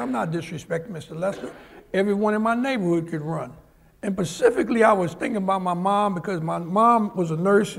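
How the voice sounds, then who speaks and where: Onstage at a live event in a big auditorium, a former Olympic sprinter from Harlem, New York, spins vivid anecdotes as a guest and acts out each character. He is an older man with a high, gravelly voice, and a slight hiss or hum sits under the recording.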